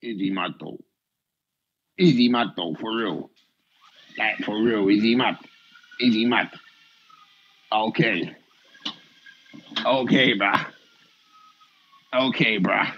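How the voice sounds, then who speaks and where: A man's voice: lowish voice, slow pace, long pauses. A young man, bantering casually on a live stream, slangy and repetitive with sing-song asides. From Britain. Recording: dull lo-fi stream audio.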